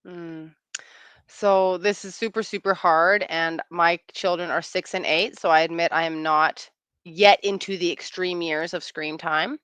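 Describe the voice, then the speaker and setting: A woman in her thirties, a relationship coach, answering interview questions in a chatty, animated way and acting out quoted lines. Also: on the low side, unhurried, clear, resonant tone, no echo.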